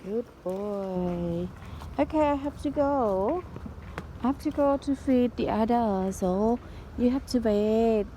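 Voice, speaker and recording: A woman's voice: a little high, slow pace, warm tone, rough recording. A woman feeding stray animals at a pagoda, talking in simple English and cooing to the animals in a coaxing voice. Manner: simple non-native English, coaxing baby talk to animals. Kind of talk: casual vlog commentary. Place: outdoors at a pagoda. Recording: outdoor background noise.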